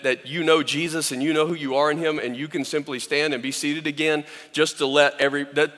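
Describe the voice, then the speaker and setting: A man's voice: fairly high pitch, bright, forceful tone, in a large hall. A man preaching a sermon as pastor, earnest and urging, hammering his points home with repeated commands.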